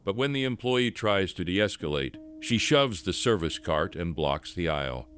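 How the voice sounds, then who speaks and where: A man narrating a scripted documentary in an even, measured storytelling manner. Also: sits low, loud music behind the voice.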